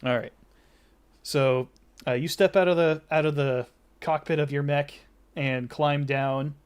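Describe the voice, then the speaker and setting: A man narrating as game master of a tabletop game, relaxed, with many fillers and restarts. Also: fairly high pitch, a little slow, clear, resonant tone.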